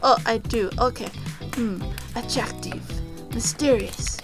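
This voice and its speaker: A woman's voice: on the high side, measured pace, over music, close to an everyday voice. A woman voicing a feral, guarded young huntress from the woods in a put-on Russian accent, blunt and matter-of-fact.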